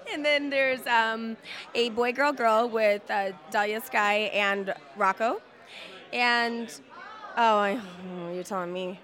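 A woman's voice: fairly high pitch, slow, a bit bright. A woman being interviewed as a guest, upbeat and bubbly, laughing between her answers. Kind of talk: casual interview chat.

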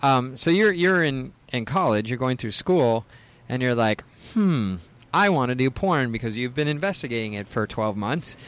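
A man's voice: medium pitch, moderate pace, hardly any pauses, a bit bright, clean tone. A man hosting a podcast, asking questions in loose, filler-heavy talk. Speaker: podcast host. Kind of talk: casual podcast interview.

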